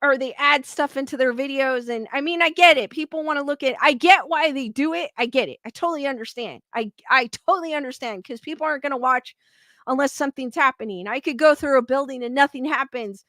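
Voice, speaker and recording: A woman's voice: high voice, brisk, pushed and bright, dry recording. A woman hosting a paranormal livestream, chatting casually with viewers and rambling candidly as she vents her frustration. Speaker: paranormal YouTube host live-streaming. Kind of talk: casual livestream chat, reading viewer comments.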